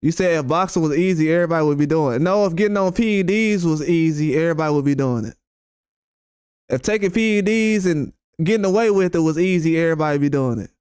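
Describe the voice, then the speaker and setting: A man's voice: on the high side, fast talker, darkish tone, clean tone, no room sound, studio quality. A man hosting a boxing channel, ranting bluntly and heatedly at his chat with repeated, profane jabs. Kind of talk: live-stream rant responding to chat.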